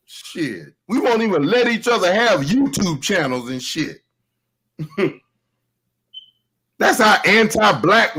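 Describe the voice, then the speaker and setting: A man's voice: high-pitched, pushed and bright, slightly rough, poor audio. A man hosting a show, delivering a heated, profane commentary rant with emphatic, laughing delivery.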